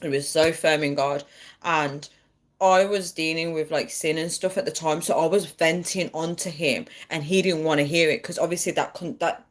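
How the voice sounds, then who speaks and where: A woman's voice: low-pitched, fairly even intonation, moderate pace. Chatty woman on a phone livestream. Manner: chatty, keeps addressing viewers as guys, laughs often. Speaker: livestream host. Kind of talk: casual livestream chat.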